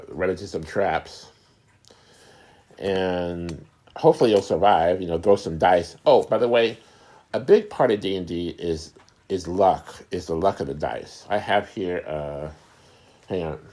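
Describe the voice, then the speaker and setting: A middle-aged male host leads a casual talk, explaining things unhurriedly while often hunting for words and repeating himself. His voice is low-pitched and warm.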